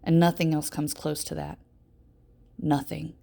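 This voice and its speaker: A woman's voice: low-pitched, flat delivery, unhurried, gravelly, dark tone. A woman reading aloud and voicing a distraught mother who pleads with her injured teenage son. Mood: tender. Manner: pleading, rising to near-wails.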